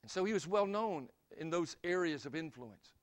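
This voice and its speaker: An older man, from Greensboro, North Carolina, preaching a sermon by telling a story in an earnest, unhurried way. He drops to a soft hush on key lines. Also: on the high side, animated.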